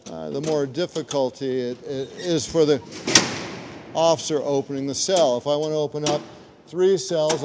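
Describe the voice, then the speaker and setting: A man working as a park ranger, explaining things on a guided tour of a prison cellhouse. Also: a little high. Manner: explanatory, demonstrates mechanisms as he talks. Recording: noisy live field recording.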